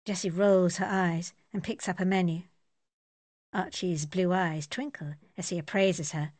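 A woman narrating an audiobook in a steady, descriptive manner. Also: lowish voice, unhurried, dry recording.

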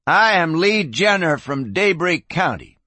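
A man's voice: fairly high pitch, sing-song, a little slow, a bit bright, slightly rough, no room sound, heavily acted. A man voicing a cocky, mocking young gunslinger in a western audiobook, with a brash, taunting drawl.

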